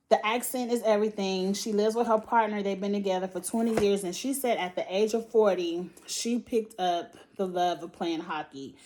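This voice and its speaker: A woman vlogger, chatting casually and giving her opinions on a reality show cast. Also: medium pitch. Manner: chatty and opinionated, with lively asides. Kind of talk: casual chat.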